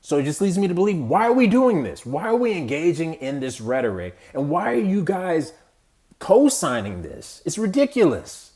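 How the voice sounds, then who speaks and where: A man's voice: a little high, huge pitch swings, moderate pace, warm tone. A man hosting a podcast, ranting about politics in a heated, exasperated way with casual slang and swearing. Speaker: podcast host. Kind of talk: solo political rant.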